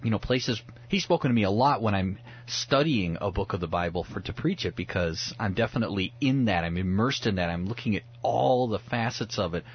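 An earnest man with a lowish, slightly husky voice walks through a Bible passage in conversational teaching. He talks reflectively and often restarts his sentences. The sound is muffled and lo-fi. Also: lively intonation, fairly quick, few pauses. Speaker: pastor, radio guest.

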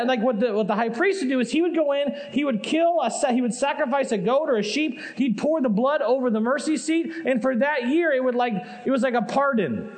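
Impassioned high-voiced man preaching. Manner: impassioned, conversational preaching with rhetorical questions. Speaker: pastor. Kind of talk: sermon. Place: church sanctuary.

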